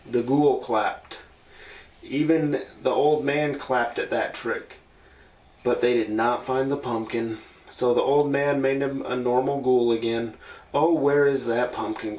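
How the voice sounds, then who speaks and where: A man's voice: medium pitch, a little mellow. Man reading a storybook with playful asides. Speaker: paranormal investigator. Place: indoors in an old house. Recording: roomy sound from a distant mic.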